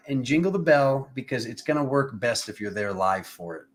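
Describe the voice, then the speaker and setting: A man's voice: medium pitch, expressive, normal speed, a little hiss or hum. A man giving a casual tarot reading to camera, rambling and playful, with asides to people off camera. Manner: invokes cosmic forces in an incantatory tone. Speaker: tarot reader.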